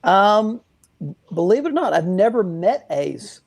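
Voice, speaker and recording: A man being interviewed who owns a guitar shop and tells loose, meandering anecdotes. He stops often for fillers, and his voice has a steady gravelly rasp. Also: high-pitched, a little slow. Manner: rambling, many fillers and restarts. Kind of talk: casual storytelling interview.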